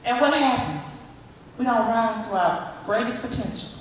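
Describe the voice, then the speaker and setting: A high-pitched woman gives an animated motivational talk to a crowd, calling people up and driving her points home with repetition. Her voice is picked up from a distance in a large hall, with long, booming reverb around every word. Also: normal speed, slight background noise. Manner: animated, coaxing, repetitive calls. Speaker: motivational speaker. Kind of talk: motivational talk with audience volunteers. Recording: echoey hall from far off.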